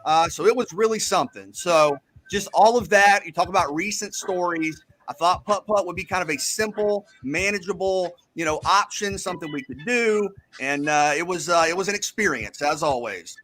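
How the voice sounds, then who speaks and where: A man co-hosting a radio show, chatting in a lively, amused way. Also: sits high, normal speed, low-quality recording. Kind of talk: casual sports radio chat.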